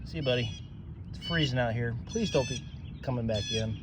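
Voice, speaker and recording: A man's voice: medium pitch, a little fast, background noise. A man hosting his first casual solo podcast, chatty and self-deprecating, rambling as he goes. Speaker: podcast host.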